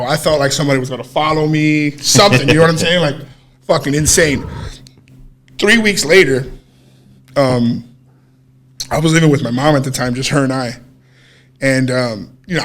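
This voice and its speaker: A man casually telling a long personal story on a podcast, swearing freely and acting out what people said. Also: a little high. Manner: animated, profane storytelling with acted-out quotes. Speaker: podcast co-host.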